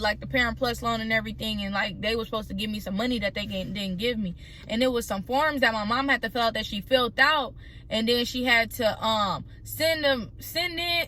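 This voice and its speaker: A young woman telling a story in a casual, animated way while eating on camera, with plenty of indignation. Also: a little high. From Tennessee. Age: young adult. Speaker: vlogger. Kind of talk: mukbang storytime rant.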